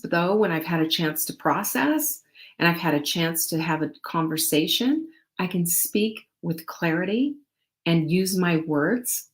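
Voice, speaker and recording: A middle-aged woman, pitched a little low, talks casually and encouragingly to her viewers as a show host. She is animated and chatty, speeding up and slowing down as she makes her points. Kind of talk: casual motivational talk to viewers.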